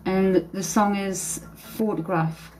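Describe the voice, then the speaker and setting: A woman's voice: mid-range voice, steady tone, slow, darkish tone, rough recording. A woman working as a psychic medium, giving a live-stream reading in a hesitant way, repeating phrases and humming song lines, speaking into a phone.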